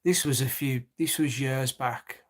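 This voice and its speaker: A man's voice: mid-range voice, steady tone, a little slow. A man telling a long personal story in an agitated, repetitive rant, swearing often. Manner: agitated, swears heavily, repeats himself.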